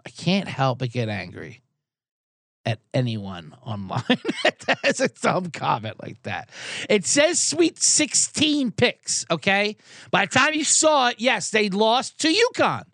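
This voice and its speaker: A man hosting a podcast in a casual comedic rant, exasperated and sarcastic, rambling with quick asides. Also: high voice, wildly swooping pitch, creaky, sharp tone, no room sound, clean studio sound. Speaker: podcast host.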